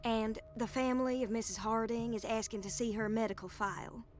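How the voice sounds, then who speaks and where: A woman's voice: on the high side, steady tone, fairly quick, faint music behind, lightly acted. An actress voicing a curt, matter-of-fact woman nurse in a video game. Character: brisk rule-bound woman asylum nurse.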